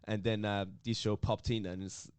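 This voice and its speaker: A man's voice: on the low side, little pitch movement, moderate pace, smooth, no room sound. A man from Iran, co-hosting a podcast in casual chat and laughing often. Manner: laughs often, playful banter. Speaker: podcast co-host. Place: Melbourne.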